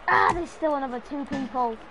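High-pitched silly woman gaming. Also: fairly bright tone, a little hiss or hum, low-quality recording. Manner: silly, rambling, joking to herself. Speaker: gamer. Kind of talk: casual gameplay commentary. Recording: game music playing behind.

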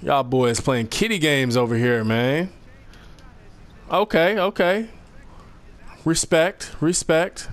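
A young man giving casual, slangy, excitable commentary over a basketball video game, trash-talking the players. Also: a little high, slow pace, long pauses. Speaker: gaming commentator.

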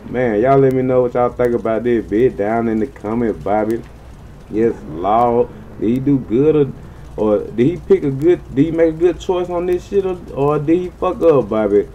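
A man giving casual, slang-heavy gameplay commentary in an excitable way, swearing freely and yelping high when things go wrong. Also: moderate pace, muffled recording, a little hiss or hum. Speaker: gaming channel host.

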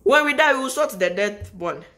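A woman vlogger speaks directly to her viewers in a casual monologue to camera, with soft music playing behind her. Her voice is a little high, bright and expressive, her tone forceful and her pace moderate. Emphatic, she repeats key lines for stress, and her sentences wander and start over.

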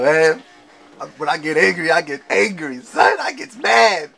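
A young man giving live gameplay commentary, trash-talking his opponents with slang and an excitable manner. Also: fairly high pitch, normal speed, creaky. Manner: excitable trash talk with slang, shouts and laughs. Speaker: gamer playing online.

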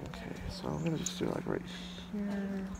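A man's voice: high-pitched, huge pitch swings, normal speed, gravelly, very noisy. A man working as a sound technician, giving brief, practical instructions while fitting a mic.

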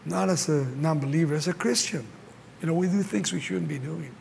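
This older man from Mexico is a pastor preaching at a conference, his Mexican Spanish accent coloring passionate stories in which he acts out quoted voices. He talks a little fast in a highish, darkish voice with vocal fry. Long reverb fills the large conference hall, with faint ambience and slight background noise.

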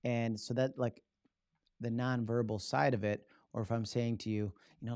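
Animated man coaching a live stream. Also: medium pitch, normal speed, clear, resonant tone, no room sound, studio quality. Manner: animated, acts out examples with his body; casual, loose phrasing with "right?" tags. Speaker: public speaking coach.

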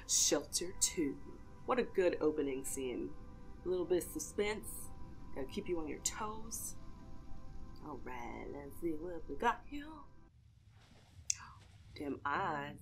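Gaming creator, woman, lowish voice, excitable chatty commentary, game music clearly under her. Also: slow pace, long pauses. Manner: chatty, excitable, coos at cute animals. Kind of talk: casual let's-play commentary. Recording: game music playing behind.

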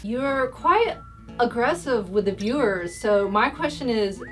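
A woman's voice: on the high side, lively intonation, unhurried, faint music behind. A woman guesting on a casual YouTube interview, bubbly and giggling between answers.

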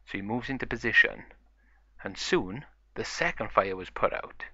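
A man's voice: fairly low pitch, lively intonation, moderate pace, bright, forceful tone, dry recording, highs cut off. A man narrating a toy play story in a chatty, run-on way.

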